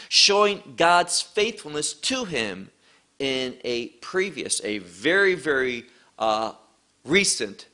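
Slow, bright-voiced male Bible teacher. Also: medium pitch. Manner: slow and deliberate, reads scripture aloud and explains Hebrew words. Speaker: pastor. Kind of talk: Bible study sermon.

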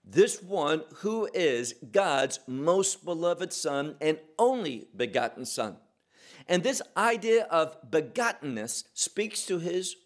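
Male Bible teacher, fairly high voice, unhurried verse-by-verse delivery, stresses key words. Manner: slow and deliberate, stressing single words.

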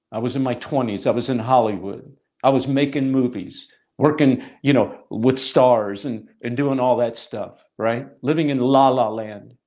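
Male pastor, middle-aged, gravelly voice, sermon storytelling, repeats lines for emphasis. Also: mid-range voice, a little mellow. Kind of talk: sermon with personal testimony.

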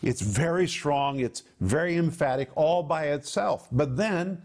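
A middle-aged man giving an emphatic, measured televised Bible teaching. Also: fairly high pitch, lively intonation, darkish tone. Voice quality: emphatic, measured preaching delivery.

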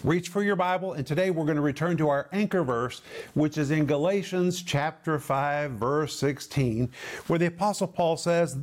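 A man teaching the Bible on a television program, explaining Greek words with slow, emphatic stresses. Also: fairly high pitch.

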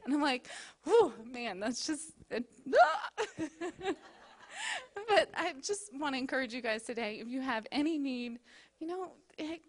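A woman's voice: sits high, lively intonation, unhurried, pauses often. A woman in her thirties speaking at a church service, telling a story with lots of laughter and leading the offering and prayer.

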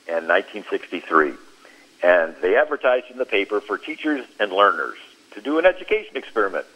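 An animated storyteller on a Christian radio talk show, this man dramatizes people's quoted speech as he spins his tales. He speaks at a middling pitch with some huskiness, heard through muffled, lo-fi radio-style audio.

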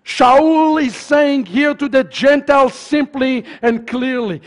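High-voiced man preaching with fervor. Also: slow pace, hardly any pauses. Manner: impassioned, swinging from loud shouts to hushed near-murmurs. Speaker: pastor. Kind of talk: sermon. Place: congregation's sanctuary.

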